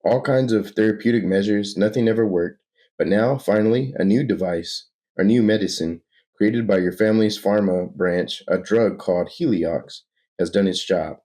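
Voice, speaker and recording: A man voicing a calm, coaxing male asylum doctor who speaks overly gently. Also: fairly low pitch, normal speed, close to an everyday voice. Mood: soothing.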